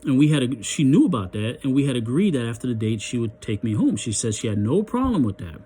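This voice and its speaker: A man's voice: medium pitch, sing-song, fast talker, dark tone, a little hiss or hum. A man telling a personal story in a casual vlog, chatty and full of ums and restarts, acting out what each person said. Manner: chatty, many ums and restarts, acts out the dialogue. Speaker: vlogger.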